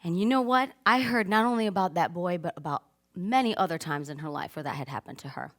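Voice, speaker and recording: A woman, probably in her thirties, telling a personal story to an audience, animated and acting out the moments she describes. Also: fairly low pitch, quick pace. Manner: animated, acts out voices and screams in her story. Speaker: speaker giving a stage talk.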